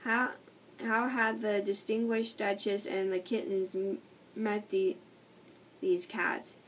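Woman reading a children's book from afar. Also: medium pitch. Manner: slow, careful reading with frequent slips and restarts. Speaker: storybook reader. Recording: distant mic with faint noise.

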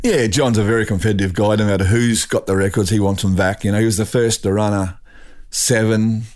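A man's voice: on the low side, steady tone, fairly quick, darkish tone. An older man with an Australian accent, a guest telling rambling anecdotes in casual conversation, with laughs and restarts. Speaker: guest, drag racing champion. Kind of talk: casual storytelling.

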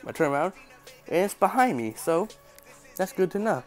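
A man's voice: high-pitched, sing-song, moderate pace, soft background music. A man with a stuffy, congested nose giving casual, joking and sarcastic game commentary. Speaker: gaming channel host.

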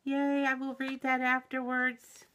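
Slow, gushing middle-aged woman. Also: sits high, completely flat delivery, fairly bright tone. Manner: gushing and giggly, exclaims often. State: shaky with excitement. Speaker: YouTube reviewer. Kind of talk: unboxing vlog. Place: at home.

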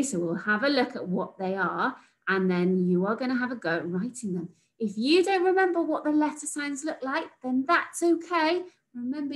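A woman from England teaching phonics to very young children on video. She speaks slowly and in a sing-song way, stretching out letter sounds and cheering the children on. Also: fairly high pitch, a bit bright, rough recording. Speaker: reception class teacher.

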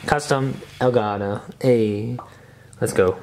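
A teenage boy vlogging casually in his bedroom, excited and slangy, saying "like" a lot. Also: medium pitch, takes it slowly, vocal fry, slight background noise. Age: teens. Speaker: YouTube vlogger and streamer. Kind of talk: casual vlog chat. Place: bedroom with a streaming setup, indoors.

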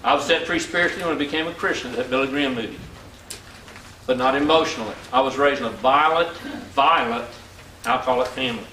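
A man's voice: mid-range voice, fast talker, bright, forceful tone. Earnest older man speaking in an echoey hall. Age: 60s. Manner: earnest storyteller who repeats words for emphasis. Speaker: seminar speaker. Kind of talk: motivational business seminar talk. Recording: echoey hall, mic far off, faint ambient noise.

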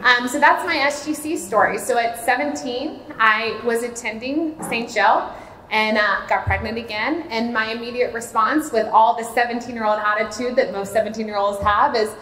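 The fairly high, somewhat bright voice of a late-thirties Florida woman fills an echoey church hall at normal speed, with a little hiss or hum. She's a maternity home director offering a sincere, open testimony at a seminar.

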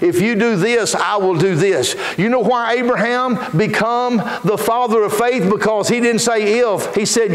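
A pastor preaching in a folksy, fervent way. His voice is notably high for a man. The sermon rings through a roomy church hall. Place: church sanctuary. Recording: echoey church room.

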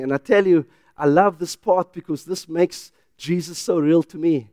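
A middle-aged man, a pastor who preaches with loud, emphatic rises and then drops into a quiet, personal telling. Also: a little high, normal speed, few pauses, dry recording, studio quality. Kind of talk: sermon.

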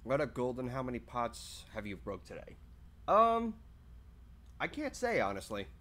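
Lively, swearing male streamer. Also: mid-range voice, moderate pace. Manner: lively, swearing, reading chat aloud. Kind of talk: casual chat with stream viewers.

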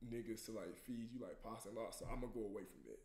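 A man's voice: lowish voice, very fast, roomy sound, noisy background. A young man chatting casually on a live stream, hesitant and slangy, full of fillers. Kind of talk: casual chat.

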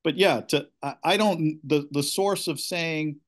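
A middle-aged man seeking coaching, giving a candid, halting account of his marriage with many restarts. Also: on the high side.

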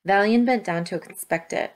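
A woman reading a storybook aloud with steady, expressive narration. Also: mid-range voice, normal speed.

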